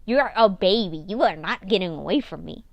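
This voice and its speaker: A woman voicing a relentless male Death figure who comes to take a newborn away, in a quick, taunting manner. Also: medium pitch, animated, gravelly, dry recording.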